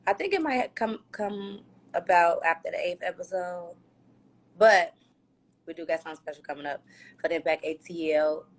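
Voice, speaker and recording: A woman's voice: on the low side, normal speed. A woman talking candidly in a loose, slangy way as the guest in a casual livestream chat on her phone. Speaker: reality show star being interviewed.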